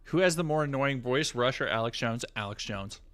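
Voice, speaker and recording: Bright-voiced young man streaming casually. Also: mid-range voice, lively intonation, fairly quick. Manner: rambling, profane, jokey with frequent restarts. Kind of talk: casual live-stream chat.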